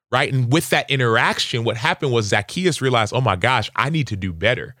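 A young adult man, a football player, telling earnest, animated stories as a podcast guest. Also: medium pitch, a little fast, hardly any pauses, no room sound, studio quality. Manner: earnest, animated, lively acted-out quotes. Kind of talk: conversational interview storytelling.

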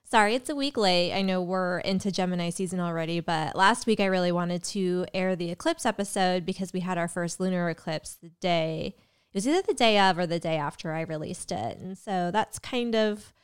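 A woman's voice: fairly low pitch, normal speed, clean tone. A young woman hosting her astrology podcast, talking casually and rambling a bit, with a slight cough. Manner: chatty, rambling, with fillers and self-interruptions. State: has a cough. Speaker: podcast host and tarot reader. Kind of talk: casual solo podcast monologue.

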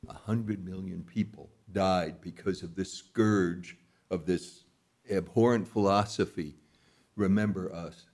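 Man, interview guest, somewhat low voice, grave, emphatic, storytelling. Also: steady tone, unhurried, darkish tone. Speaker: foundation leader, guest. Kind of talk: interview discussion.

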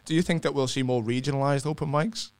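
A man co-hosts a comedy podcast and reads out listener questions in a dry, amused tone. He talks fast and at a mid pitch. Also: fairly even intonation, clean tone. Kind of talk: casual podcast chat.

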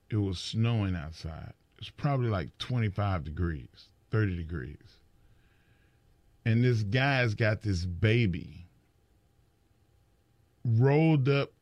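A middle-aged man in a casual chat about wrestling, telling animated stories and acting out quotes, often repeating words as he starts. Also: medium pitch, no echo, dull audio. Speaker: wrestling podcast co-host.

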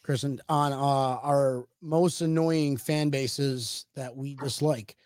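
A man hosting a podcast, riffing in quick, playful banter. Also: medium pitch, steady tone, a little mellow, no echo, studio quality. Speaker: podcast host. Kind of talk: casual chat.

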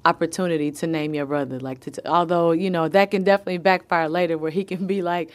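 Laughing, storytelling woman, slightly low voice. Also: fairly even intonation, fast talker. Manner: laughs often, tells stories with quoted voices. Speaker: guest. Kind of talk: casual interview chat.

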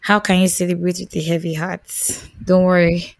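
Nigerian woman, expressive podcast chat. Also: on the low side, normal speed, vocal fry, no echo. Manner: expressive, mixes Nigerian Pidgin into English. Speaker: podcast co-host. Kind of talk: casual chat.

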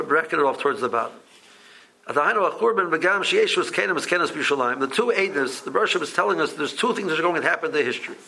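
A man teaching a Talmud class, speaking in a halting way with many restarts and repeated words. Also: sits high, vocal fry, sharp tone, slightly rough, low-quality recording. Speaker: Torah teacher.

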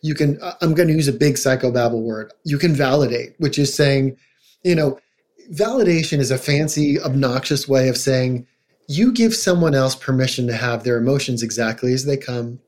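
This is a middle-aged psychologist talking on a podcast in a medium-pitched, darkish voice at a moderate pace. He keeps it conversational and now and then slips into impressions of the people he's quoting.

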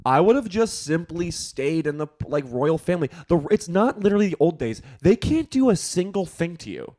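A man's voice: fairly high pitch, sing-song, normal speed, dark tone. A young adult man co-hosting a comedy podcast, chatting in a campy, playful, profane way. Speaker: podcast co-host. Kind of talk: casual comedic gossip chat.

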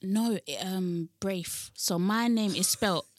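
A young woman from London co-hosting a podcast in casual chat, animated and playful, quick to laugh. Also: medium pitch, no echo, clean studio sound. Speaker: podcast co-host.

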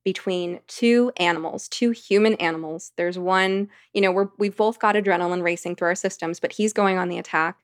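A woman's voice: on the low side, steady tone, normal speed, few pauses, dry recording, clean studio sound. A woman, a podcast guest, telling a long personal anecdote in a rambling, vivid conversational way. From United States. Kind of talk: storytelling in conversation.

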